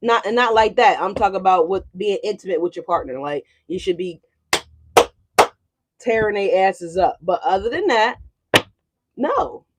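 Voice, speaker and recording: A tarot reader talks to a livestream audience in a blunt, profane rant. The voice sits at a middle pitch, and the loudness swings as the story heats up and cools down. The reader keeps asking listeners whether they follow. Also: lively intonation, moderate pace, pauses often, heavy background noise. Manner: blunt and profane, with frequent "you know what I'm saying". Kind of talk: casual livestream chat.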